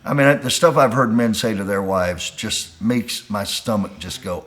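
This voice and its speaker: A pastor preaching to men on a call, pleading and impassioned, dropping quiet and then rising to a near shout. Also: male voice, on the low side, measured pace, few pauses.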